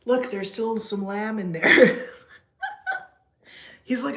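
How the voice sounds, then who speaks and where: A woman's voice: mid-range voice, very slow, a bit bright. Chatty woman cooing at her cats. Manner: chatty, laughs often, coos baby-talk at her cats. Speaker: livestream host with pet cats. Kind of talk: casual livestream chat.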